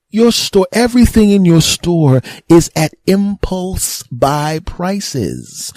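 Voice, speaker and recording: On a close podcast mic, a man with a high-sitting voice tells a rambling, exasperated comic story as a solo monologue. The dry recording catches his animated, ranting delivery as the podcast host.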